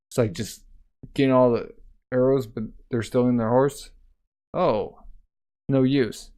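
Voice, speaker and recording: A man's voice: mid-range voice, unhurried, long pauses, a little mellow. Male reader, laid-back manga read-aloud, does the voices and the sound effects himself. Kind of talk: reading a manga aloud with casual commentary.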